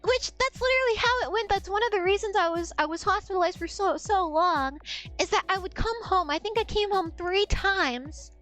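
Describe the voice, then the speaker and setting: A young adult woman telling a story on a livestream in a casual, animated way, swearing and laughing as she talks. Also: very high-pitched, moderate pace, faint music behind. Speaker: streamer.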